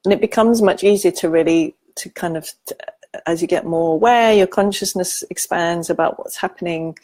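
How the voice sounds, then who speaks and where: A woman's voice: on the low side, moderate pace, darkish tone, no echo. A woman psychologist giving a casual spoken lesson to viewers, thinking aloud and speaking emphatically. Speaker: psychologist teaching emotional self-care.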